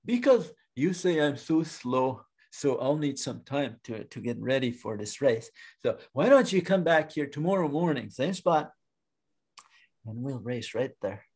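A man voicing a patient, wise male turtle who speaks softly and evenly, in an oral storytelling. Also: mid-range voice, lively intonation, slightly rough. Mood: sly. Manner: soft, quiet, measured.

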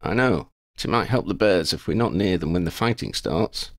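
A man's voice: low-pitched, animated, normal speed, no echo, clean studio sound. A man voicing a resourceful young man who explains his plan with eager confidence. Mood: reasoning. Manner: eager, triumphant.

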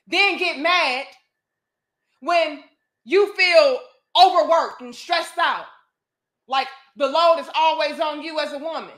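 A woman's voice: sits high, a bit bright, echoey room. A woman vlogger giving a preachy, profane opinion monologue to a live audience, full of pointed rhetorical questions.

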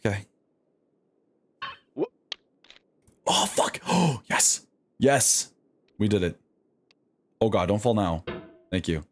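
A man with a lowish voice streams live, speaking slowly with long pauses as he comments on his play. He mutters to himself, swears frequently, and coaxes himself through each attempt in animated fashion.

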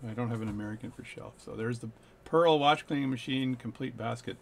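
Middle-aged male watchmaker, casual bench play-by-play, slightly gravelly. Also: mid-range voice, a little fast, a little hiss or hum. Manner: chatty, joking, narrates as he works. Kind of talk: workbench play-by-play chat.

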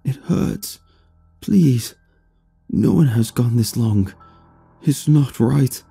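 A man voicing a tormented captive man with a swollen tongue, stammering and begging in a hushed whine. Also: mid-range voice, lively intonation, drawn-out words, gravelly, slightly rough, no echo, faint music behind, heavily acted. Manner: stammering, whining, hushed pleading.

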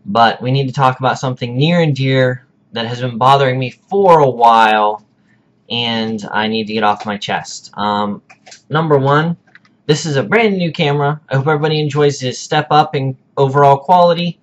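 A man hosting a casual vlog, delivering a mock-serious rant with deadpan, exaggerated indignation and drawn-out pronunciations. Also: mid-range voice. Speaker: video host.

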